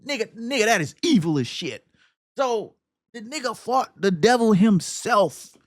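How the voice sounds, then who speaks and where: A man hosting a podcast, talking casually and emphatically about a film, cursing freely and swinging between loud outbursts and low muttering. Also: sing-song, measured pace, no echo, clean studio sound. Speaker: podcast host.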